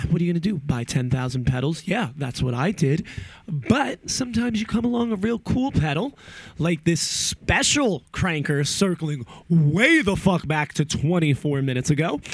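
A young man rambling about guitar pedals in a casual vlog, profane and animated. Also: a little high, no echo.

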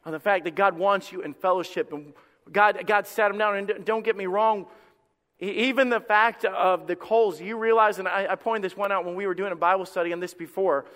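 Impassioned preacher man in an echoing hall. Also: high voice. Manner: impassioned preaching, swings from hushed to loud; repeats words when starting a phrase. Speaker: pastor. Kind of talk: sermon.

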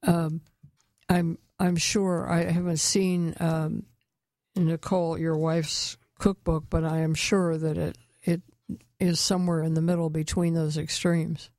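A woman's voice: sits low, level tone, darkish tone, dry recording. A woman interviewing a guest, with hesitant phrasing and fillers. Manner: hesitant, filling pauses with um and uh. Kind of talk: conversational interview.

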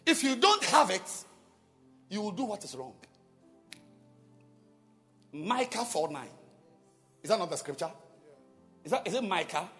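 Emphatic preacher, lively high voice. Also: male voice, unhurried, long pauses, in a large hall, soft background music. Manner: emphatic, repetitive, calls for responses. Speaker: pastor. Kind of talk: sermon.

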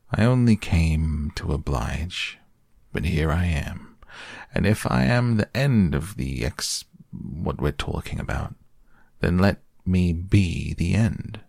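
A man voicing a gloomy, resigned old male donkey who drones his complaints slowly, in a very deep, gravelly voice. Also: animated, darkish tone, no echo, studio quality, exaggerated voice. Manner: slow, droning complaints.

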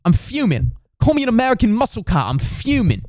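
A man's voice: very high voice, big pitch swings, brisk, darkish tone, no echo, clean studio sound, voice pushed up. A man voicing a furious young British man who rants and swears in a long airport queue, in a British accent. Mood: fuming. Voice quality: sweary, repetitive ranting.

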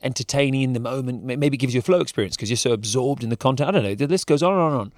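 A man co-hosting a podcast in casual chat, animated and rambling with frequent laughs. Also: medium pitch, racing, dry recording, clean studio sound. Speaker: podcast co-host.

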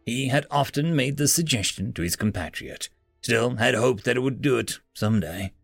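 A man narrating science fiction and fantasy stories in an expressive reading. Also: medium pitch, fairly quick, gravelly, no room sound, soft background music. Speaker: story narrator. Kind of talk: scripted story narration.

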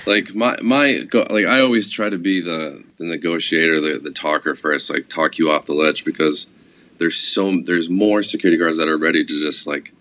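A laid-back man with a very deep voice, yet bright and forceful in tone, telling long rambling stories. He fills his talk with "like" and swears casually. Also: normal speed. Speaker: guest, comedy club security guard. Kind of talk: casual conversation.

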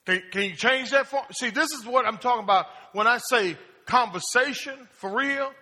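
A male pastor preaches with a high, lively voice that swoops up and down. His tone is bright and a little husky. He keeps calling out questions to the congregation, and his words ring through a big church hall with a long reverb. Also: moderate pace. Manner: call-and-response preaching, asks the congregation questions; plain-spoken, acts out casual prayers. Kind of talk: sermon. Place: church sanctuary.

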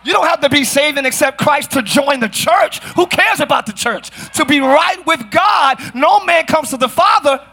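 A middle-aged male pastor preaching a sermon in a church, often shouting, with playful asides to the congregation. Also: very high-pitched, lively intonation, moderate pace, few pauses. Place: church sanctuary.

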